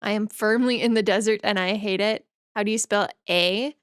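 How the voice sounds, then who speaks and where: A woman's voice: mid-range voice, fairly even intonation, moderate pace, dry recording, clean studio sound. A woman from northern Canada, a streamer chatting casually with her viewers in a rambling, easygoing way as she reads and answers chat.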